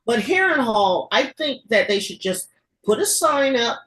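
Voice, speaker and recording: A woman joins a casual podcast chat with an expressive voice that rises and falls widely. She talks excitably and animatedly, with quick bursts of enthusiasm. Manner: animated and excitable, jumping up in pitch. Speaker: podcast co-host.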